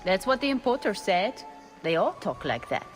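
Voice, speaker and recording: A woman's voice: medium pitch, very animated, normal speed, over music, close to an everyday voice. An actress voicing a hesitant, eager-to-please female servant in a video game. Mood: timid. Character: timid young female party servant.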